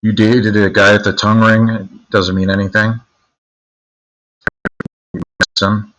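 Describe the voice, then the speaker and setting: A man's voice: lowish voice, little pitch movement, unhurried, a bit bright, low-quality recording. A man streaming live, chatting casually with his viewers in a crude, joking, mocking way.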